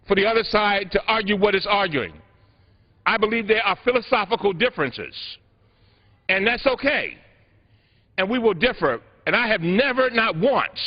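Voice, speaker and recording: A man giving an earnest, emphatic floor speech as a congressman. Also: high voice. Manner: earnest, emphatic, slows for key phrases. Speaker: congressman speaking in floor debate. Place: large legislative chamber. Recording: dull broadcast sound with long hall reverb.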